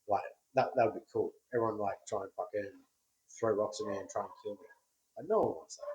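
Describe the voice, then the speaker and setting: A young man ranting to camera, swearing constantly, dropping to a mutter and then bursting out loud in exasperation. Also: fairly low pitch, fairly quick, rough recording. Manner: profane, exasperated, repetitive ranting; swings between muttering and loud outbursts. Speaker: vlogger. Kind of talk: ranting monologue.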